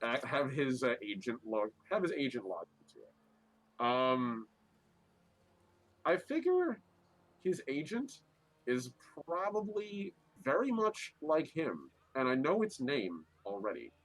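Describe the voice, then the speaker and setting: A man's voice: mid-range voice, big pitch swings, slow pace, a bit bright, no room sound, poor audio. A man playing a tabletop game, narrating his character's actions with many hesitations. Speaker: player.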